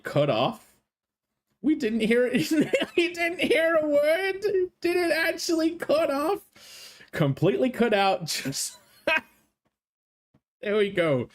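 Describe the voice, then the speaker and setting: A man's voice: on the high side, darkish tone. A male streamer with a strained throat, chatting in a playful, jokey way and swearing freely. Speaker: streamer, host. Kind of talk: casual live-stream chat.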